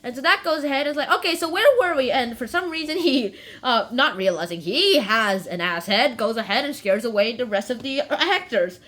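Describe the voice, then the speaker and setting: A woman's voice: on the high side, animated, moderate pace, few pauses, a bit bright. A young woman casually summarizing a play in a rambling, chatty way, often correcting herself. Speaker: video host summarizing a play.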